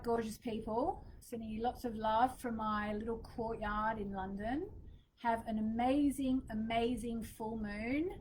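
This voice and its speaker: A woman's voice: fairly high pitch, a little mellow, poor audio. A woman leading a spiritual moon ceremony, talking in a casual, meandering, chatty way with fillers, recorded outdoors in a small courtyard. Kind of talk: casual spoken teaching. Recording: outdoor ambience noise behind voice.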